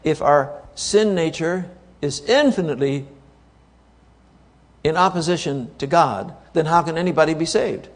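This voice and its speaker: A man's voice: a little high, normal speed, big-room sound. A man preaching a sermon to a congregation, emphatic, repeating key words and asking the audience rhetorical questions.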